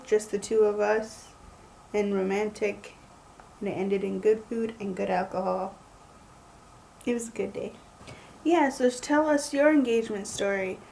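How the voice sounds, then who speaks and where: A young woman telling a story in a chatty, animated way, full of likes. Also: medium pitch, vocal fry, a little hiss or hum, poor audio. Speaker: vlogger. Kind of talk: casual storytelling.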